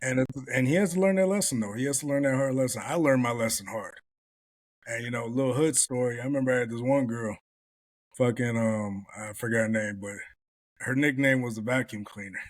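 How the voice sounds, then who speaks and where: A man's voice: medium pitch, fairly quick. Blunt, profane man chatting. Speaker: podcast host. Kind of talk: casual chat.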